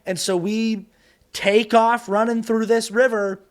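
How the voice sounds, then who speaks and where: A man with a somewhat high voice tells a story on a casual podcast. He laughs a lot as he goes and acts out other people's lines with loud bursts. His delivery stays loose and chatty. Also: measured pace. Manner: animated, laughing, acts out quotes in raised voice. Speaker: guest actor and creator.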